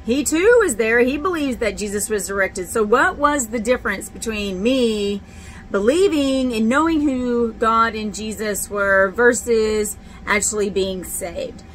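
A middle-aged Texan woman gives a casual personal faith testimony in a chatty, candid way, full of fillers and restarts. Her voice is on the high side and a little slow, with slight background noise in poor audio.

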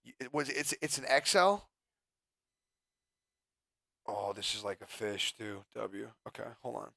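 A young man chatting casually and excitedly with his livestream chat, swearing often and breaking off to talk to people in the room. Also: medium pitch, measured pace, gravelly, dry recording, clean studio sound. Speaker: streamer.

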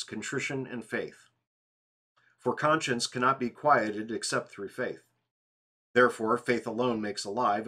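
A tired man reading a church confession aloud in an evening devotional, steady and plain. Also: medium pitch. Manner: reads steadily, apologizes and laughs at slips. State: yawning, tired.

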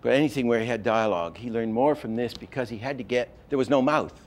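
A man's voice: mid-range voice, fast talker. Older man lecturing on animation. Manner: lively storyteller, acts out lines, many restarts. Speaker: animation teacher. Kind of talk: lecture with acted-out examples.

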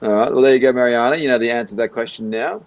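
A man's voice: medium pitch, racing, no room sound, highs cut off. Australian man hosting a live chat. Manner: relaxed, reads out fan messages. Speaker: host. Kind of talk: live stream chat, reading viewer comments.

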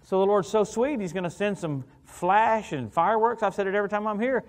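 A middle-aged man preaching an evangelical sermon as a guest minister, animated and joking, often calling out "hallelujah" and "come on". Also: sits high, fairly quick.

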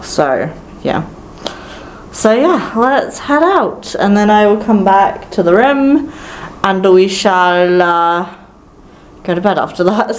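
Young woman, travel vlogger, chatty and upbeat, rambling fillers, mid-pitched voice, faint hiss behind. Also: darkish tone, rough recording. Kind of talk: casual travel vlog talk to camera. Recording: faint background noise.

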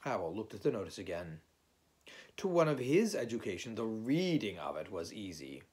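A man narrating a children's storybook aloud in an unhurried, expressive way. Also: lowish voice, husky. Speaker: audiobook reader.

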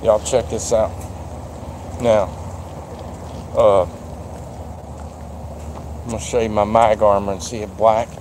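A male vlogger with a fairly low, flat voice rambles slowly with frequent pauses during a walkaround of a car dealership lot. He's folksy and drops the odd mild swear, filming on a handheld phone with outdoor traffic noise behind him.

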